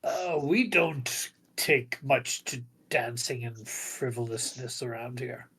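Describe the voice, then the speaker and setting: A game master voicing a plain-spoken, unimpressed villager man with dry understatement, at a slow pace. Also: medium pitch, very animated, gravelly, fairly bright tone, slightly rough, exaggerated voice.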